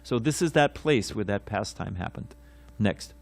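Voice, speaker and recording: A man, a swami, giving a devotional morning class, telling stories with many fillers and self-corrections and acting out quotes with sudden loud bursts. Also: fairly low pitch, expressive, normal speed, creaky. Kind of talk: devotional class lecture with storytelling. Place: temple class room.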